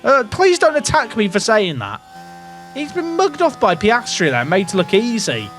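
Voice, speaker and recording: A man giving excitable, jokey commentary while playing a racing management game, swinging between hype and quiet muttering. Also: high-pitched, normal speed, faint music behind. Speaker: gaming YouTuber.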